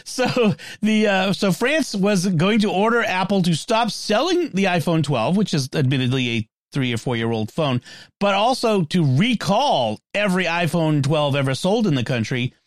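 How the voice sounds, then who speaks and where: A man's voice: high voice, expressive, moderate pace, no room sound, clean studio sound. A man co-hosting a tech podcast in casual chat, talking at length with restarts and fillers. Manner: chatty, frequent restarts and fillers. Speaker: podcast co-host.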